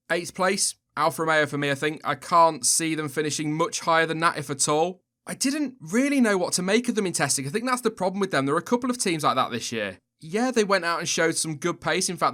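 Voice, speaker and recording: Young male host, fairly high bright voice, casual opinionated solo commentary. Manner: chatty, opinionated, self-deprecating asides. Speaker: F1 video host.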